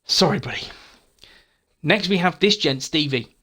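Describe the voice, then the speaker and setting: Chatty man, slightly high voice. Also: expressive, a little slow, bright, forceful tone, husky. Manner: chatty, frank, repeats words, says mate. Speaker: gaming channel host. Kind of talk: casual commentary reading viewer comments.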